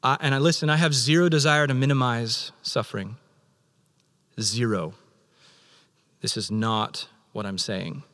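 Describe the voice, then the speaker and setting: A man preaching a sermon as pastor, animated, acting out God's voice in quoted lines. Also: mid-range voice, unhurried, long pauses, in a large hall.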